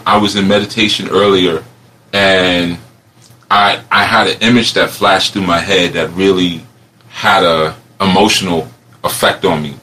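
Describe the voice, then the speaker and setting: Deep-voiced guy rambling through a personal story, laughs a lot, bright edgy tone. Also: slight background noise. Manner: rambling, animated, laughs often.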